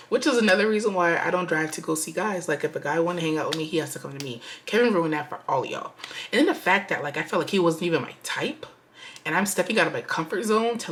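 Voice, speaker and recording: Animated slangy woman telling a story. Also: low-pitched, brisk. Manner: animated, slangy, lots of "like" and "y'all". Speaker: budgeting vlogger. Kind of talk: chatty storytime.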